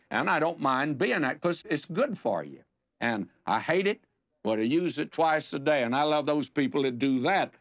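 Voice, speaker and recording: A man's voice: fairly high pitch, a bit bright. An older man with a Southern US accent, teaching the Bible on the radio in a folksy, anecdotal way with dramatic emphasis. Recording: dull lo-fi radio recording.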